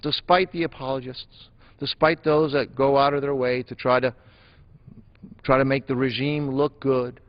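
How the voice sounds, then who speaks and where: A mid-pitched man addresses a legislative chamber from a podium mic, emphatic and insistent. He circles back on his own phrases to hammer them home. The broadcast audio sounds slightly dull. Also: fairly even intonation, moderate pace. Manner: emphatic, repeats phrases for stress. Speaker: member of Congress. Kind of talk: floor speech.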